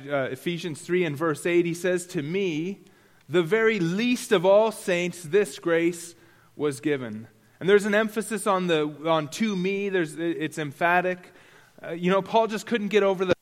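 A pastor with a voice high for a man delivers an earnest sermon, asking his listeners rhetorical questions and often doubling his words. His voice rings with the long reverberation of a large hall.

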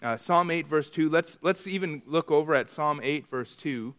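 A man teaching a Bible study, often stumbling and restarting, sometimes acting out quoted voices with rising excitement. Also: a little high. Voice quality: halting, repeats words and restarts often. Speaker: pastor.

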